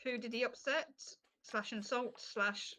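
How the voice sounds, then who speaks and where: A woman narrating a tabletop game as game master, lively and voicing the characters. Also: fairly high pitch, measured pace, rough recording.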